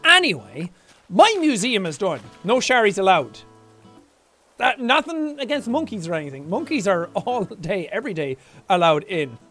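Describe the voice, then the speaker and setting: A man giving a jokey, animated let's play commentary, swearing and talking to himself as he plays. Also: sits high, normal speed, soft background music. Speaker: gaming streamer.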